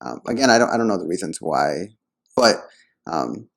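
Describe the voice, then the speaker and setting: Low-voiced man, hesitant chat. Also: sing-song, normal speed, creaky, a bit bright. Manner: hesitant, filler-heavy. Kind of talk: casual storytelling chat.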